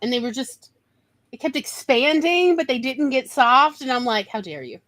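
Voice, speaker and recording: A woman with a slightly high voice chats with a friend, dry and wry. She sighs and tells small stories in an easy, relaxed way. The sound is dry and close. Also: moderate pace, dry recording. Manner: wry, sighing, storytelling. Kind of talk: casual chat.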